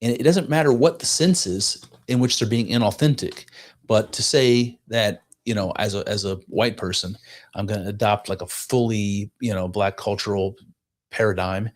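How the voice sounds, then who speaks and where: A man's voice: on the low side, moderate pace. A man co-hosting a podcast in casual chat, earnest and rambling, circling his point with restarts. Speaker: podcast co-host.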